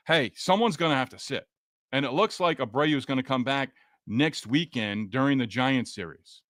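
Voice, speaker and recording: Man, podcast host, casual sports chat, mid-pitched voice, dry close mic. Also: animated, a bit bright, no echo. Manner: chatty, greets chatters by name, quick asides. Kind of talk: casual post-game sports talk reading live chat.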